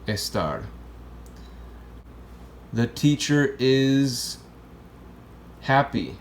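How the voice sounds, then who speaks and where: A man with a mid-range voice explains grammar like a relaxed classroom teacher. He talks in a loose, conversational way and keeps checking in with "okay?" and "right?". A faint hiss of noise sits under the recording. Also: medium pitch, drawn-out words. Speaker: Spanish teacher.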